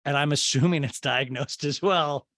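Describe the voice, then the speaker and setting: A man hosting a comedy podcast, recapping a TV show in a profane, mocking, animated way. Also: on the high side, moderate pace, no room sound, clean studio sound. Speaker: podcast host.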